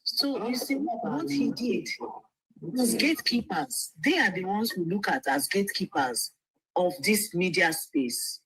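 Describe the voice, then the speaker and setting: A woman speaks earnestly as a lawyer guest, her voice husky and swinging widely in pitch. She often stumbles and restarts her words, and the sound is close and dry. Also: lively intonation, a little slow, a bit bright, no room sound, poor audio. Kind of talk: livestream interview.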